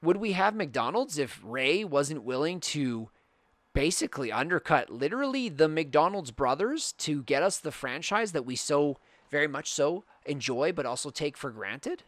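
A man's voice: on the high side, very animated, normal speed, dry recording. A young man hosting a podcast, talking earnestly in a reflective monologue that rambles with restarts. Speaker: podcast host.

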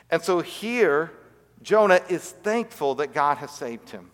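A man preaching a sermon as pastor, telling stories earnestly and dropping to quiet emphasis. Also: fairly high pitch, lively intonation, measured pace, long reverb tail.

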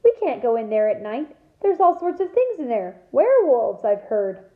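A woman reading aloud puts on a spoiled, haughty schoolboy with a high, whining voice. It is a storybook read-aloud in a roomy space, heard through a tinny, phone-like line. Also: big pitch swings, unhurried. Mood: panicky whine. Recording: echoey room over a thin phone-like line.

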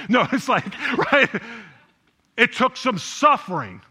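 A man preaching a sermon with a high, piercingly bright voice. He talks conversationally and keeps throwing questions out to the congregation. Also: sing-song, slow pace, breathy edge. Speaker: pastor.

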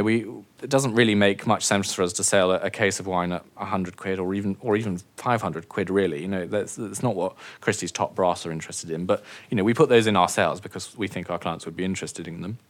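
Deep-voiced jokey man. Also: fairly bright tone. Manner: jokey, self-mocking, laughs often. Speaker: wine specialist and auctioneer, guest. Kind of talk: casual interview chat.

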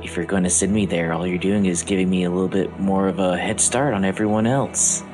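A man voicing a calm male cultist prisoner at peace, speaking quietly and unhurried in a tabletop game. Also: low voice, over music, voice pushed down, natural voice. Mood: serene.

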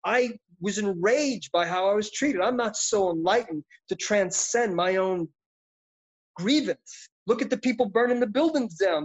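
A man's voice: high-pitched, breathy edge. A middle-aged man, an actor being interviewed, talking in an intense, passionate, reflective and rambling way. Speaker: actor guest. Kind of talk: interview conversation. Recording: dull lo-fi audio.

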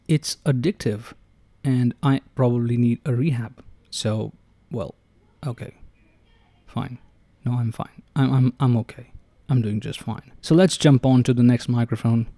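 Man, playful gear reviewer with a very dark, mellow voice and a dry, close-mic sound. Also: mid-range voice, no echo. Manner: playful and self-mocking, often calls out "ladies and gentlemen". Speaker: microphone reviewer. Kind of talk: casual gear review monologue. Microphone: close-up dynamic microphones, about three inches away.

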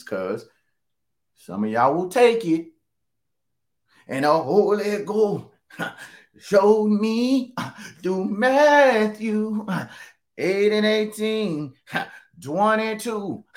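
A man preaching in a relaxed, conversational way. He hammers his points home by repeating phrases and pushes his voice up when he stresses something. His pitch sits at an ordinary middle for a man. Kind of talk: sermon.

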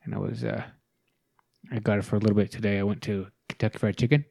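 A man's voice: on the low side, sing-song, quick pace, gravelly, darkish tone. A young man in casual podcast chat, telling rambling stories with constant swearing. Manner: profane, rambling storytelling. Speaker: podcast guest.

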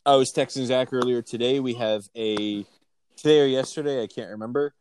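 A man's voice: mid-range voice, steady tone, brisk, darkish tone, clean tone, dry recording. A man co-hosting a casual podcast, rambling with lots of restarts and fillers. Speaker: podcast co-host.

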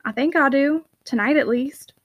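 A woman's voice: sits high, normal speed, dry recording, lo-fi sound, lightly acted. A woman voicing a reserved, brooding young male mill owner in a storybook reading, giving curt, guarded replies.

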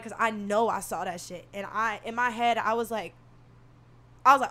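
Soft-spoken young woman telling a wild story. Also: fairly high pitch, a little fast. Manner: animated, swearing, acts out quotes. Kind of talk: casual storytelling.

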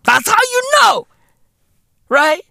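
Lively, slow-ranting man with British slang. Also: very high-pitched, vocal fry, no echo, clean studio sound. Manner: animated, profane, slangy, laughing between lines. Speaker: podcast host. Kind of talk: comedic rant monologue.

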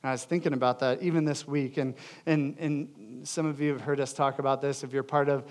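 A young adult man preaching a sermon as pastor, earnest and emphatic, swinging between loud and hushed delivery. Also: mid-range voice, steady tone, a little fast.

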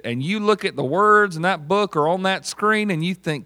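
A man's voice: high-pitched, moderate pace, few pauses, pushed and bright. A man preaching a conversational sermon, acting out the voices he quotes. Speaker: pastor.

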